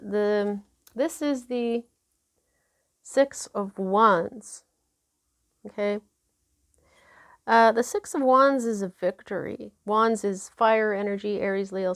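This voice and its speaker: A woman talks through a tarot spread at an unhurried pace, full of fillers and little asides. Her voice sits in a middling pitch. The recording is dry and close, with no room sound. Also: no room sound. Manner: chatty, unhurried, many fillers. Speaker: tarot reader. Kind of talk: casual tarot reading.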